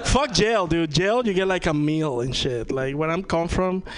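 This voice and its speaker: A man's voice: a little high, normal speed. A man from Venezuela with a Venezuelan Spanish accent, doing a loose, profane stand-up set and laughing at his own jokes. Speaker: stand-up comedian. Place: comedy open mic.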